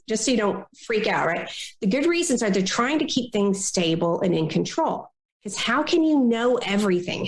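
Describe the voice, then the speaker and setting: A woman consultant giving advice in a podcast interview, talking in a lively way and acting out complainers in little quoted voices. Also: medium pitch, roomy sound. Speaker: guest consultant on difficult people.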